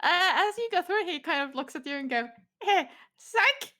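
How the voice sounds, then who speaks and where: A woman's voice: extremely high pitch, lively intonation, fast, bright, forceful tone. A woman running a tabletop game as game master, narrating with lots of hesitant fillers.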